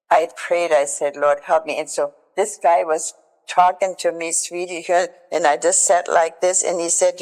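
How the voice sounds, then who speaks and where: An older woman tells her own survival story in an earnest, halting way, restarting phrases and turning to prayer. Her voice is gravelly with fry at the ends of phrases. It is an archival recording with a long hall reverb around her. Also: deep voice, a little mellow. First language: German. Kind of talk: recounted personal testimony.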